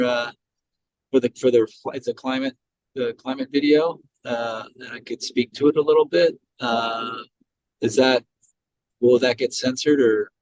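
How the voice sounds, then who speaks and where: A man speaking over a video call in a halting way, restarting his sentences often. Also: mid-range voice, darkish tone, dry recording, poor audio. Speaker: musician.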